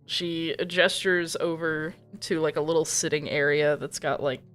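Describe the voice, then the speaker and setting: A woman with a slightly low voice describes her character's actions in a tabletop game. Her delivery is casual and wry. Faint music runs in the background. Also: steady tone, a little slow, a bit bright. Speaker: player. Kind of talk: tabletop role-play narration.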